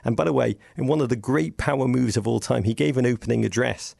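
Gravelly man, witty storyteller. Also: medium pitch, fast talker, a little mellow, no room sound, studio quality. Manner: witty, digressive storytelling with sarcastic asides. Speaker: podcast guest. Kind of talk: casual podcast conversation.

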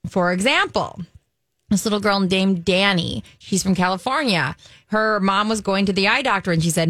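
Bright, playful woman radio co-host. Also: medium pitch, moderate pace, no room sound. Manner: playful, teasing, runs segments. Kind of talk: casual morning radio chat.

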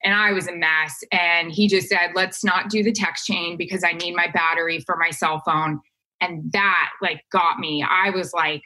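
A woman's voice: fairly low pitch, moderate pace, rough recording. A woman sportscaster, a guest on a podcast, telling stories in casual chat and acting out other people's quotes. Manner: animated storyteller acting out quotes.

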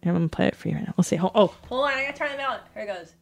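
A woman's voice: medium pitch, expressive, rapid-fire, creaky, no echo. A woman from the Los Angeles area, hosting a casual solo podcast and reading aloud with giggly, self-conscious, mock-dramatic delivery. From Los Angeles area, USA. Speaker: podcast host.

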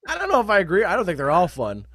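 Guy musician guest on a video call, animated, swears a lot, quick asides. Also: high voice, slight background noise. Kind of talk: casual podcast chat.

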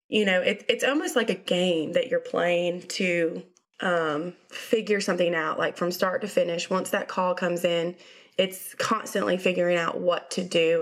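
A woman from Georgia with a Southern accent, a state investigator speaking as a guest in a relaxed, casual interview. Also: fairly low pitch. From Georgia, USA. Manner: relaxed, uses fillers like um.

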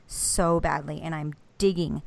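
A woman in her thirties tells a story on a casual podcast. Her voice sits low with a gravelly fry, and she swears freely. She throws herself into each quote, acting it out as she goes. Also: unhurried. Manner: animated, swearing, acts out quotes. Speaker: podcast co-host.

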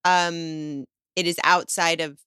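Woman, bright crisp voice, measured, grateful, podcast host. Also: lowish voice, fairly even intonation, dry recording, clean studio sound. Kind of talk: heartfelt podcast conversation.

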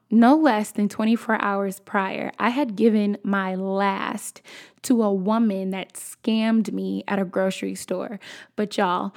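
A woman's voice: mid-range voice, gravelly. A young woman telling a personal story in a chatty, casual way, talking straight to her viewers. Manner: chatty, addresses viewers as y'all. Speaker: storyteller vlogger.

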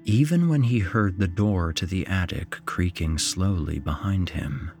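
Deep-voiced guy reading a scary story slow and tense, quiet music behind. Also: expressive. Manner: slow, suspenseful. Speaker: narrator. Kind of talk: horror story narration.

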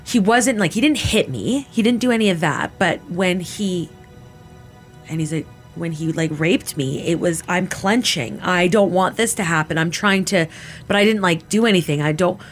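A woman in her thirties with a low voice gives a candid personal account. Her talk is casual and halting, full of "like" fillers and restarts. Faint music plays under her. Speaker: interviewee recounting her experience.

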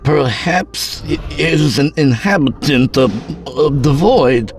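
A man voicing an excitable male occult scholar, stammering and declaiming theatrically. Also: fairly low pitch, slow pace, faint music behind, voice pushed up, full character voice. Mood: shaken.

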